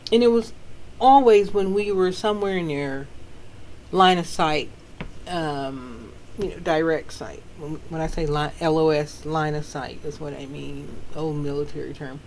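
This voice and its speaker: A woman author from the American South with a Southern accent, telling stories casually in a sassy, animated way with frequent laughter. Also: sits low, a little slow, a little hiss or hum, rough recording. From Southern United States. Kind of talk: casual storytelling.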